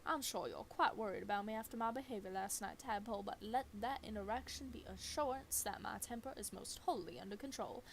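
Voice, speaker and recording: A woman's voice: mid-range voice, brisk, hardly any pauses, slight background noise, lightly acted. A woman voicing a prim talking pet creature with a prissy, formal way of speaking.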